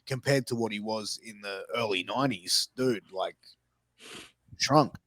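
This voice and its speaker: A man's voice: lowish voice, measured pace, fairly bright tone, no room sound. A man co-hosting a podcast, chatting casually and a little hesitantly. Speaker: podcast co-host. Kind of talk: casual chat.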